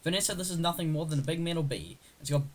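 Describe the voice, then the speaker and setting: A man reading the lines of an eager, confident young male bee in his own voice, rushed and nearly unvoiced. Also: on the high side, slight background noise, close to an everyday voice.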